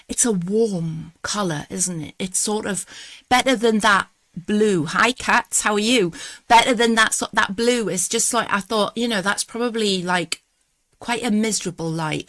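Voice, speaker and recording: A woman's voice: medium pitch, fairly bright tone, no room sound. A woman with a Geordie accent hosting a live tarot stream, chatting in a rambling, self-deprecating way and laughing often, wired on coffee. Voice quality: quick, clipped voice. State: buzzing on coffee after feeling unwell. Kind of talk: casual live-stream chat.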